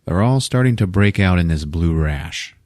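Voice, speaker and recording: A man's voice: sits low, animated, normal speed, a little mellow, no room sound, studio quality. A man hosting a podcast, casually retelling a movie plot with lots of laughing and swearing. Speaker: podcast host.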